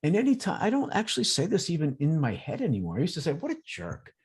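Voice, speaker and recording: A man presenting a workshop in a relaxed, conversational way over a video call, acting out everyday examples. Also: on the high side, racing, slightly rough. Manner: lively, acts out examples in quoted voices. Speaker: workshop presenter on emotional intelligence.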